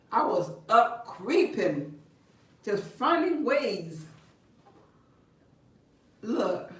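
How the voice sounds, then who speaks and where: A woman chatting casually with her viewers, telling stories in an animated way, laughing and breaking into loud bursts. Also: on the high side. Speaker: vlogger talking to viewers. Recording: roomy and distant from the mic.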